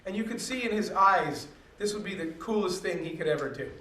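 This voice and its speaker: A man's voice: high voice, expressive, brisk. A man giving a motivational talk to an audience, telling a story and acting out the dialogue in it. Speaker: speaker. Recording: echoey hall from far off, faint noise.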